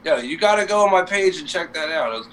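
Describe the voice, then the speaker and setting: A man's voice: a little high, lively intonation, fast talker, a bit bright. A man co-hosting a casual live stream, rambling and swearing with lots of fillers. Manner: rambling, profane, many fillers. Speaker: co-host. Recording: distant mic, faint noise.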